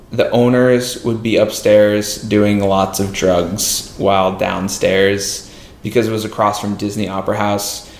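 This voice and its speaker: A man, a podcast guest, telling a story in a casual, animated way and acting out other people's lines. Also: on the low side. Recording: roomy echo.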